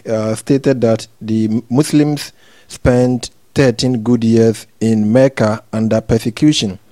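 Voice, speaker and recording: A man hosting an interview, summing up his guest's points in a measured way with "um" pauses. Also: medium pitch, mellow, no echo. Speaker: interviewer host. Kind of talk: interview recap.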